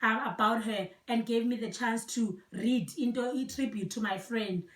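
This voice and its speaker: A young woman from South Africa speaks with a Xhosa accent, her voice a little high and set back from the mic. The room around her rings with echo. She talks in a soft, reflective, earnest way, mixing Xhosa into English. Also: moderate pace. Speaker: vlogger. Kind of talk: personal storytelling, code-switching. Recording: echoey room, voice from a distance.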